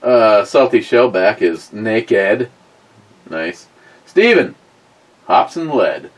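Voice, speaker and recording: Crude, animated man reading live chat. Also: on the low side, drawn-out words, pauses often, rough recording. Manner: crude, joking, rambling with frequent fillers. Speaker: beer review livestream host. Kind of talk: casual live chat, reading viewer comments aloud.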